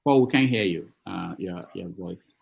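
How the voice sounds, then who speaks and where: A man hosting a call-in show, briskly moving between callers. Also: sits low, vocal fry, husky. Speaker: host.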